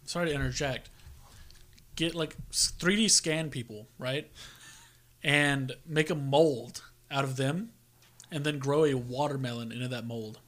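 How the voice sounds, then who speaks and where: A man's voice: mid-range voice, a little slow, a bit bright. A young man co-hosting a podcast, chatting casually and teasing his friends. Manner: teasing, says "bro" a lot. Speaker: podcast co-host. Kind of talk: casual chat.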